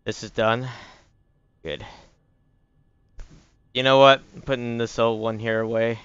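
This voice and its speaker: A man's voice: mid-range voice, flat delivery, measured pace, a bit bright, clean tone, no room sound, dull audio. A man streaming a horror game live, talking to himself, out of breath and swearing as he gets chased. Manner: jumpy, swears, yelps when chased. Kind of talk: live gameplay commentary.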